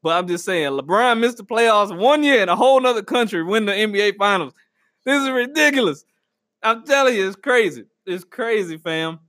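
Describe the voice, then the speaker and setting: A high-voiced man hosts a podcast in a loose, comedic monologue. He slips into acted-out quotes and laughter. The recording is bone-dry, with no room sound. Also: normal speed, no room sound. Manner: animated, slangy, acts out quotes with laughter. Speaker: podcast host.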